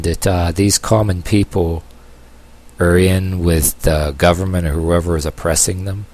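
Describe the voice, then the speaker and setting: A man with a very low, rumbling voice talks to his camera in a loose, rambling monologue. He stops and restarts often, fills the gaps with "uh," and slips in sarcastic remarks as he goes. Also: steady tone, darkish tone. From United States. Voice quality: long-haired, calls himself a hippie. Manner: halting, many uh fillers and restarts, sarcastic asides. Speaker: vlogger.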